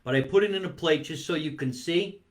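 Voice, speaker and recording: Animated man hosting a comic show. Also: fairly high pitch. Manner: animated, playful, drawn-out emphasis on words; talks while eating. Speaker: comedy talk show host. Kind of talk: live-streamed comic monologue. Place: home basement.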